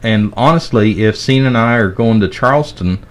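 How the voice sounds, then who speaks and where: A man's voice: lowish voice, fairly quick. A man co-hosting a podcast and explaining tech step by step in casual chat. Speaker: podcast co-host.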